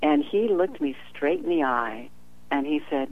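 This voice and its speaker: This deep-voiced woman, a professional psychic, takes her time telling a story in an interview heard over a tinny phone line. She plays out the dialogue animatedly and laughs a lot as she goes.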